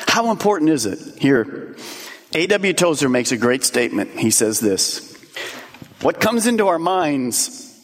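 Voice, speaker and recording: A man preaching a sermon as pastor, with emphatic delivery that swings between rising and hushed. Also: fairly high pitch. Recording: long reverb of a large hall.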